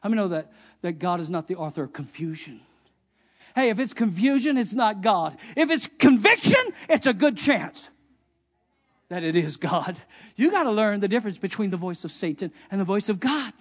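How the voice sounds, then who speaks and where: A man pastor preaching a fiery sermon to a congregation in church. He shouts at the peaks and answers objections that he imagines from the crowd. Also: high-pitched, sing-song, normal speed. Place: church service.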